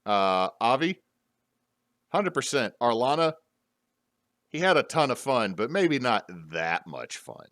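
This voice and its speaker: Bright, lively male game master. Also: mid-range voice, slow pace, long pauses, no echo, clean studio sound. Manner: lively, laughing narration. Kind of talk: narrating a tabletop game.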